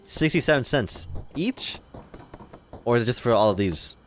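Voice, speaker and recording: A man's voice: mid-range voice, expressive, moderate pace, soft background music. A young man from the Midwest, casually commenting and joking as he plays through a video game. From Chicago, US Midwest. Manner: joking, talks back to the game characters. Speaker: let's play host.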